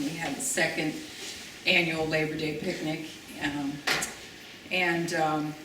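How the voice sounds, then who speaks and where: A woman's voice: low voice, a bit bright, a little hiss or hum. A woman speaking at a memorial luncheon, telling a chatty anecdote with many ums. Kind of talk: personal remembrance at a luncheon. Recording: distant voice in an echoey room.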